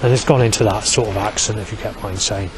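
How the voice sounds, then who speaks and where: A man's voice: lowish voice, steady tone, fast talker, a crowd in the background. Rambling, sweary man. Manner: rambling and heavily sweary, with many fillers and restarts. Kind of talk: rambling monologue vlog.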